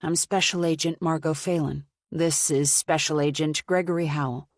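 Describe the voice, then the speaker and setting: A composed female FBI agent, voiced by a woman in a low, dry tone. She stays brisk and businesslike, and the recording is close and free of room sound. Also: fairly even intonation, no room sound.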